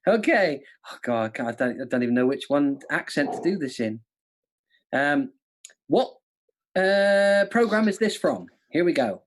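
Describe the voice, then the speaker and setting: A man's voice: fairly high pitch, very animated, a little slow, slight background noise. A man hosting a live quiz, playful and self-mocking, often laughing at his own jokes. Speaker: quiz host. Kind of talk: live-streamed quiz hosting with jokey impressions. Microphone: studio mic with monitors.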